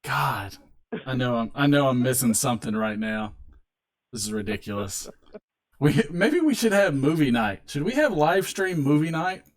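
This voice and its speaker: A man's voice: mid-range voice, lively intonation, normal speed. A man hosting a casual live stream, chatting, rambling and laughing as he tells a long joke. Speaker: host.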